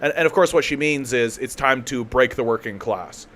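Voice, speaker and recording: A man's voice: mid-range voice, moderate pace, a bit bright. A man hosting a live political commentary stream, talking casually and sarcastically, swearing freely and often restarting his sentences. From Canada.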